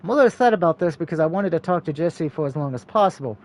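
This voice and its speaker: A man's voice: fairly high pitch, expressive, quick pace. A man reading a story game aloud, stumbling and correcting himself now and then. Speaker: let's play reader.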